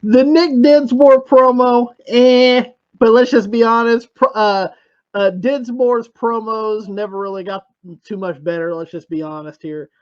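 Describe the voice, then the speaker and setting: A man's voice: extremely high pitch, steady tone, measured pace, a little mellow, highs cut off. A tired man hosting a podcast, rambling in casual chat with lots of fillers and swearing. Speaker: podcast host.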